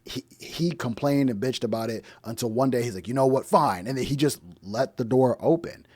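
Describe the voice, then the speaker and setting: A man's voice: medium pitch, normal speed, a little mellow, slightly rough, no echo. A man hosting a reaction commentary, blunt and preachy, firing off repeated rhetorical questions. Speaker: relationship commentary host.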